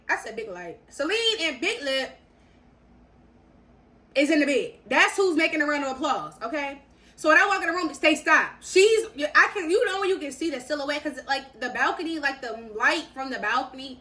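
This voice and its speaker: A young woman telling a story to her viewers in casual slang, animated and repeating phrases for emphasis. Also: sits high. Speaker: storytime vlogger.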